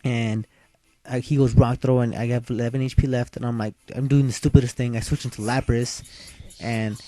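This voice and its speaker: A man's voice: mid-range voice, fairly even intonation, a little fast, dark tone. A young man casually recapping a video game battle move by move in a laid-back, slangy way. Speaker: video game let's player. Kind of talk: casual gameplay recap commentary.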